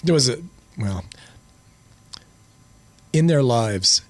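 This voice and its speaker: An older man, a guest on a podcast, telling stories in reflective, pausing casual talk. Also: mid-range voice, expressive, a little mellow, no echo. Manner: reflective storytelling, many pauses. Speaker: podcast guest, host's father.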